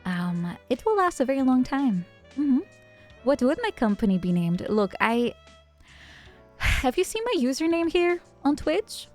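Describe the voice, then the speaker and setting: A woman's voice: sits high, big pitch swings, unhurried, faint music behind. A woman streamer chatting casually with her viewers, laughing often and greeting them by name. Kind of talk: casual livestream chat.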